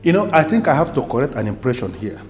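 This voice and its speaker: A man's voice: mid-range voice, sing-song, fast talker, lightly acted. Man playing a stern police officer, Nigerian English accent, formal and threatening, faint music behind. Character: stern male police officer questioning witnesses.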